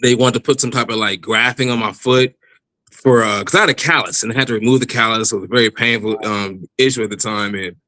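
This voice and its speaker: A man telling his personal faith testimony in a casual interview, animated, laughing often and restarting his sentences. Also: on the low side, fast talker, rough recording. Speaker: guest giving testimony.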